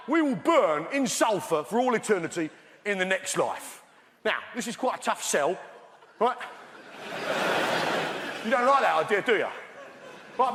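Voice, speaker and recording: A British man doing a stand-up routine on a theatre stage, brash and talking straight to the crowd. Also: high voice. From Britain. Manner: brash, addresses the crowd directly. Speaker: stand-up comedian. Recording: echoey theatre, loud audience noise.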